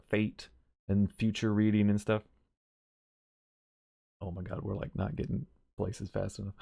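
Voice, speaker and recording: A man's voice: lowish voice, creaky, darkish tone, no room sound, clean studio sound. A man casually recapping and commenting on a video game story, rambling and correcting himself as he goes, with frequent chuckles.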